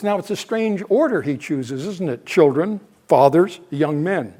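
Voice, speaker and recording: A man's voice: a little high, darkish tone. An older man preaching on a Bible passage, thinking aloud and correcting himself as he goes. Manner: thinking aloud, frequent restarts and self-corrections. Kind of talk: expository Bible teaching.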